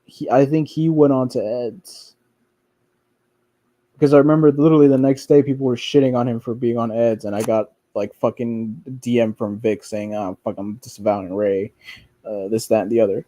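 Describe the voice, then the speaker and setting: Rambling, profane man with a mellow voice. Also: medium pitch, steady tone, moderate pace, no echo, highs cut off. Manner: profane, rambling, with frequent restarts and fillers; mocks others by quoting them in a whiny voice. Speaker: streamer commenting on online drama. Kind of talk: casual rambling commentary.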